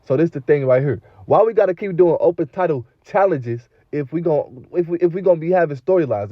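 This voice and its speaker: Man, slightly high voice, loose profane slang rant; muffled dry home recording. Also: a little fast, hardly any pauses, no echo. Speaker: wrestling show reviewer. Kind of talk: casual recap review.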